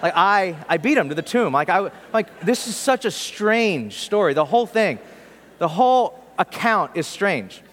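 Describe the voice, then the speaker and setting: A man's voice: sits high, very animated, measured pace, fairly bright tone, in a large hall. A man preaching in a church, casual and conversational, with humorous asides. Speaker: pastor. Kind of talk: sermon.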